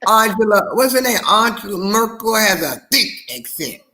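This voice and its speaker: A woman co-hosts a casual chat, her voice sitting at an ordinary middle pitch. She rambles along with restarts and laughs between her thoughts. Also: expressive, moderate pace, sharp tone. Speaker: co-host.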